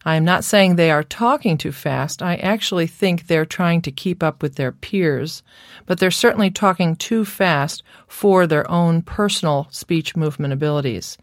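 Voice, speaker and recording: A woman's voice: fairly low pitch, no echo, clean studio sound. A woman lecturing on speech therapy in a careful, scripted instructional narration. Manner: slow, careful, demonstrates sounds.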